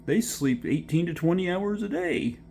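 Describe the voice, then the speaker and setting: A man's voice: sits high, big pitch swings, normal speed, vocal fry, a little mellow, slight background noise, voice pushed up, heavily acted. A man voicing his lazy, proud female house cat, boasting in a smug, matter-of-fact way.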